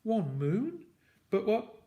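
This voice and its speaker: A frightened young boy from a storybook, pushing out high, desperate questions one after another. A man reads him aloud, lifting his voice well above his own. The delivery stays slow and drawn out. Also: wildly swooping pitch, phone-quality sound, exaggerated voice. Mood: startled. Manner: high, urgent and breathless questioning.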